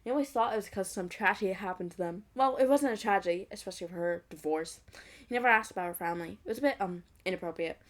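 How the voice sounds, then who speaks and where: A woman's voice: mid-range voice, quick pace. Giggly young woman reading fanfic aloud. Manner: giggly, mocking asides. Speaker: fanfic reader. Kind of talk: reading a fan fiction aloud with commentary.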